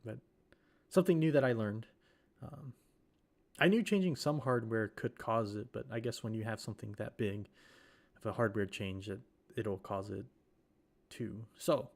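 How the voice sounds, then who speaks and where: A man's voice: lowish voice, normal speed, a little mellow. A man recovering from a cold gives rambling live-stream commentary on a sim race, correcting himself and using lots of fillers.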